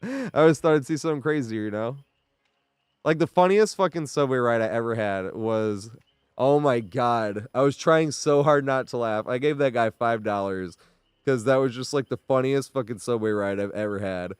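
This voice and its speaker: Young male streamer, casual rambling storyteller with a clean, clear voice recorded dry and close. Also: mid-range voice, moderate pace, dry recording. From New York area. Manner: rambling storytelling with frequent laughs and swearing. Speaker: game streamer. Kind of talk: casual chat while streaming.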